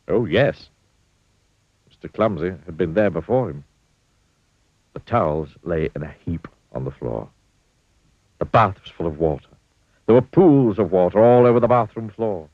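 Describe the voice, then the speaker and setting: A man with a low, lively voice reading a children's storybook aloud, playful and expressive. The recording is dry and a bit dull. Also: moderate pace, pauses often, no room sound. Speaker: storybook reader.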